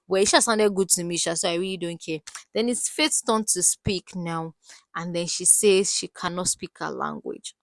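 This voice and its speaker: A woman with a Nigerian accent recapping a reality show in a casual, gossipy way, animated and full of exclamations. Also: lowish voice, moderate pace, gravelly, no room sound, clean studio sound. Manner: animated, exclamatory, swinging loud and soft.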